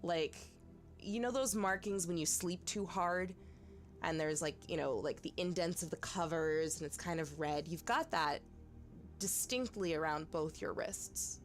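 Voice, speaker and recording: Brief: woman game master, low voice, slow hesitant narration, faint music underneath. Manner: hesitant, many fillers, second-person narration. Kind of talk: narrating a tabletop horror game.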